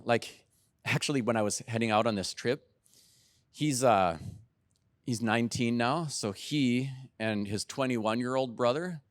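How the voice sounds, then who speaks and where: A middle-aged man giving a keynote talk, telling lively family anecdotes and acting out what people said. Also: mid-range voice, no echo, clean studio sound. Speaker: keynote speaker. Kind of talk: storytelling talk.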